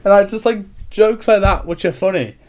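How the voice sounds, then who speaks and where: A man's voice: high voice, normal speed. A young man, chatting casually as a podcast host, rambling with lots of filler words. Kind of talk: casual chat.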